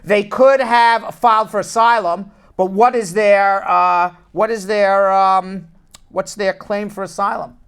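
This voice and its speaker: A man hosting a call-in show as an immigration lawyer, ranting with animated indignation and then answering callers. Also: sits high, a little slow, clean tone.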